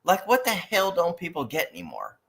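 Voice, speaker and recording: A man co-hosting a casual talk show, animated and peppering his talk with dude and like. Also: high-pitched, fairly quick, vocal fry. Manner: animated, says dude and like a lot. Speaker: podcast co-host. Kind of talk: casual chat.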